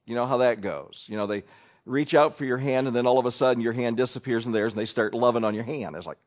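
A pastor preaching in a folksy, conversational way, wry and quick to act out people's voices. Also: male voice, medium pitch. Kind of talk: conversational sermon.

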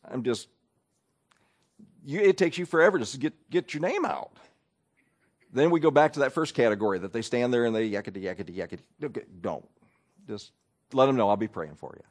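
A man's voice: mid-range voice, brisk, long pauses. Preacher guy giving a chatty sermon, wry and folksy, does little voices of people. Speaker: pastor. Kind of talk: conversational sermon.

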